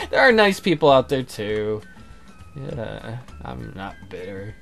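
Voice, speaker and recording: A man's voice: medium pitch, big pitch swings, moderate pace, a bit bright, soft background music. A man giving casual, joking and crude commentary while playing a game. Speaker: let's play host.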